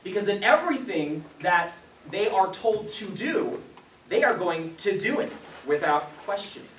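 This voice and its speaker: At a parenting seminar in a meeting room, a young man speaks to a live audience in a high, fairly bright voice with big pitch swings and a slightly slow delivery. He laughs often, tells stories, and acts out those he quotes. Echo, a distant mic, and faint hiss color the recording.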